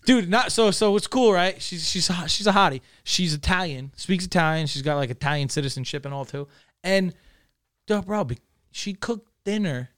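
A man's voice: sits high, animated, normal speed, fairly bright tone, clean tone, no echo, studio quality. A man, a podcast co-host telling a story in casual, profane chat full of "dude" and "bro". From New Jersey.

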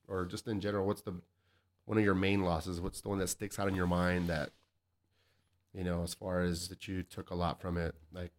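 A man hosting a podcast, asking questions in a laid-back way, cursing and laughing often. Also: deep voice. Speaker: podcast host. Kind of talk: casual podcast interview.

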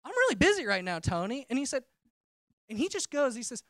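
Male preacher sharing a testimony, animated and chatty, dry close sound. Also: very high-pitched, fairly quick, dry recording. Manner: conversational storytelling, self-interrupting. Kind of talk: personal testimony sermon.

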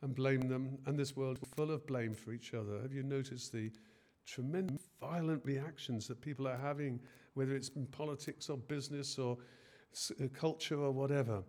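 A man's voice: medium pitch, fairly even intonation, moderate pace, darkish tone. A man preaching a sermon in an earnest way, often hesitating and rising in force on key phrases.

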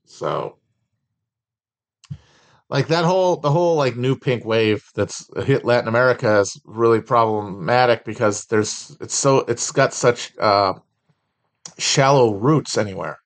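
A man hosting a casual livestream chat, talking slowly with many fillers and restarts. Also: medium pitch. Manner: sings a song loosely at the start. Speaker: livestream host.

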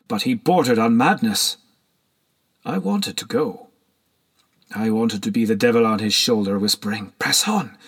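A man narrating a scripted story in a steady, reflective way. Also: medium pitch, slightly rough.

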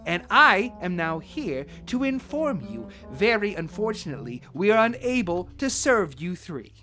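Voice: medium pitch, big pitch swings, moderate pace, sharp tone, faint music behind. A game master voicing an arrogant male restaurant manager who is secretly a young blue dragon, speaking in a haughty, condescending way.

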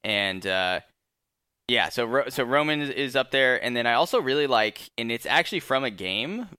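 Young guy podcast host, bright forward voice, dry close sound, loose rambly chat. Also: medium pitch, expressive, normal speed, clear, resonant tone, no echo. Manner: laid-back, rambling with fillers and laughs. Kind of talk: casual chat.

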